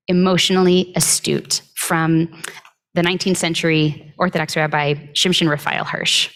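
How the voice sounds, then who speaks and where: A woman delivers a conversational sermon in a lowish voice with a gravelly, creaky edge. She sounds reflective and unhurried, pausing often and reaching for words as she teaches. She is recorded on a close microphone. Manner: reflective, unhurried, with frequent pauses and filler words. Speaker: clergy giving the weekly Torah talk.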